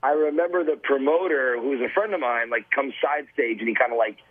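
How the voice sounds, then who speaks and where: A man in his forties calling into a radio show by phone, a relaxed, chatty storyteller. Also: medium pitch, brisk, phone-quality sound. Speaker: celebrity guest calling in. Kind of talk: phone interview.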